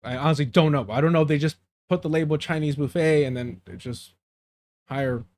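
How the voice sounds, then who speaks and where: A man from the US–Mexico border region hosts a live stream, rambling through a long story to his chat in a somewhat high, darkish voice at a slightly quick clip. He drops in Spanish phrases and often loses his words mid-thought.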